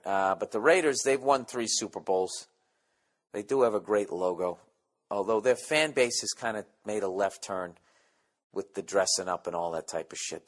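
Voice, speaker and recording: Podcast host, man in his forties; profane, sarcastic, rambling monologue delivery. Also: lowish voice. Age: 40s. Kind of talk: casual comedic monologue.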